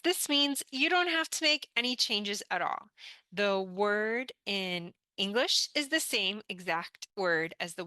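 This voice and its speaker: A woman English teacher gives a pronunciation lesson in an unhurried, deliberate way, repeating each word so learners can follow. Her voice is bright and clear. The sound is dry and close, with no room echo. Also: mid-range voice.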